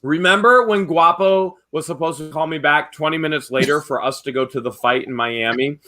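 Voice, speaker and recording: A man hosting a family vlog, telling a story in a casual, animated way and mimicking people's voices. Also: a little fast. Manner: animated, acts out quotes in a high shouting voice. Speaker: vlogger and family channel host.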